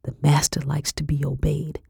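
A woman voicing a plainspoken, worldly colonial servant woman who talks in low, folksy tones. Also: monotone, moderate pace, creaky, dark tone, slightly rough, no echo, clean studio sound, exaggerated voice. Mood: hushed.

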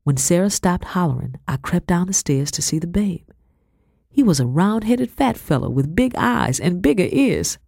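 Gravelly woman narrating a story. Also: lowish voice, expressive, darkish tone, no room sound, clean studio sound. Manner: measured storytelling with period speech. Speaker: audiobook narrator. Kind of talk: scripted narration in first person.

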